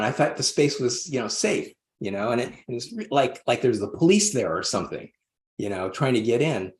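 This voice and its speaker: A male podcast guest of medium pitch tells a story in a loose, rambling way, starting over often and acting out the voices he quotes. His voice sits in the middle range for a man. The recording has a noticeably roomy echo. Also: lively intonation, a little fast. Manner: rambling, with many restarts; acts out quoted voices animatedly. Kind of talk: storytelling interview answer.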